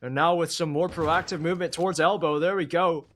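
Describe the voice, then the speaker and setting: High-voiced man calling esports play-by-play. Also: a little hiss or hum. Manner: quick, rising excitement at big plays. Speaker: esports caster. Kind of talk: live play-by-play commentary.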